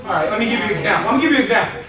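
A man from Los Angeles doing a stand-up comedy set, animated and blunt, laughing as he tells his stories. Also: high voice, racing, slight background noise. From Los Angeles area. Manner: animated, laughs through lines, blunt and profane. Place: small late-night convention comedy room. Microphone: no microphone, heard from a distance. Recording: echoey room from far off with crowd. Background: live audience laughing and calling out.

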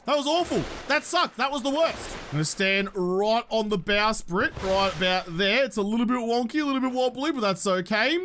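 A man's voice: high-pitched, animated, brisk, hardly any pauses, a bit bright, a little hiss or hum. A man giving chatty, self-mocking solo gameplay commentary, swearing now and then. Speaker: gaming YouTuber.

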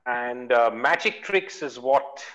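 A man's voice: mid-range voice, lively intonation, slow, fairly bright tone, dull audio. A man hosting an online talent show, announcing the next performers in a plain, friendly way. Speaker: event host. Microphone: video call.

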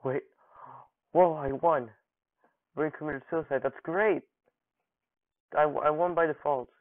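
A young man talks slowly and loosely over a fighting game, throwing out mock-grand taunts between jokes. His voice comes through narrow and phone-like, with no room sound at all. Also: on the high side, steady tone, dry recording. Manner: joking, mock-dramatic taunts at opponents. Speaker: gaming channel host. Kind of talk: casual gameplay commentary. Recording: dry, phone-like narrow audio.

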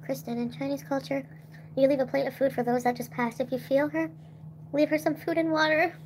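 A young woman livestreaming in a loose, rambling way, laughing often and eating as she talks. Her voice sits notably high, and she drifts between soft asides and bursts of giggling. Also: steady tone, fairly quick, a little hiss or hum. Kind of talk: casual livestream chat.

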